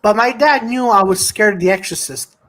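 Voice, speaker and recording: A man's voice: high voice, normal speed, fairly bright tone. A young man co-hosting a comedy podcast, telling a long funny story in a rambling way, with lots of restarts and repeated "and then". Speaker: podcast co-host.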